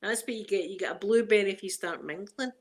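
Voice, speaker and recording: A fast-talking ASMR livestream host with a mid-range voice, she is a middle-aged woman from Scotland with a Glaswegian accent. She keeps things chatty and casual with viewers, laughing often and using strong Scots phrasing.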